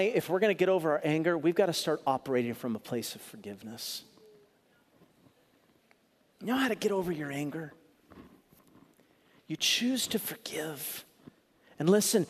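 A male pastor preaching a sermon in a church, moving between loud punchy lines and soft, earnest asides as he tells a story. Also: fairly high pitch, in a large hall, slight background noise.

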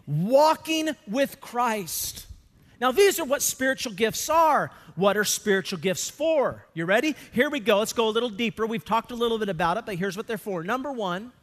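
A man's voice: high-pitched, big-room sound. A male pastor preaching a sermon, emphatic, asking the congregation questions and having them call out the missing words.

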